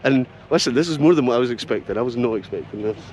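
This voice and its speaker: A Scottish man hosting a casual travel vlog outdoors, narrating excitedly and joking as he walks around a festival campsite. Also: medium pitch, very fast. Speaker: vlogger host. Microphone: handheld camera. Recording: outdoor camera audio with steady noise.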